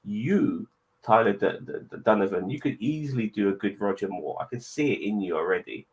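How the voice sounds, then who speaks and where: A man hosting a casual online chat show, blunt and quick to swear, with cheery sign-offs. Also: on the low side, expressive, poor audio. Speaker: podcast host.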